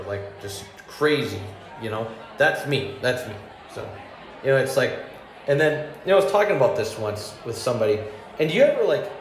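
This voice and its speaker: A man telling stand-up stories in a mid-range voice, wandering off track and laughing at his own lines. The sound is roomy with a faint hum behind him. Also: mid-range voice. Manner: meandering, self-deprecating, chuckles through his own jokes. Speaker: stand-up comedian. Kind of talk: rambling stand-up set. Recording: echoey room with faint hum.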